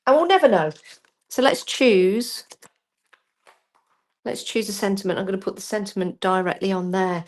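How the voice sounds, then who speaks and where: A woman's voice: medium pitch, normal speed, pauses often, a little mellow. Chatty woman demonstrating crafts. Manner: chatty, self-deprecating, talks while working. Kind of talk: live crafting demo.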